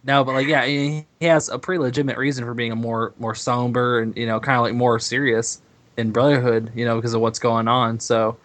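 A young man talks through a game's story in an easygoing, hesitant way, agreeing often. His voice sits at an ordinary middle pitch. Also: little pitch movement, fairly quick, a bit bright. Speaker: gaming podcast co-host. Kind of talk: casual chat.

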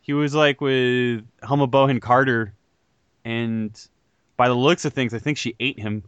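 Podcast guy, smooth voice, jokey and loose, swears a lot, dry close mic. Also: mid-range voice, a little slow, no room sound, lo-fi sound. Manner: joking, animated, swears freely. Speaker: podcast host. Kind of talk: casual chat.

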